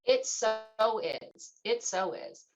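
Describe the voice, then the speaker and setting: Animated woman hosting a talk radio show. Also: mid-range voice, takes it slowly. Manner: animated, playful, acts out quoted voices. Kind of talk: casual conversational interview. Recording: dull lo-fi sound.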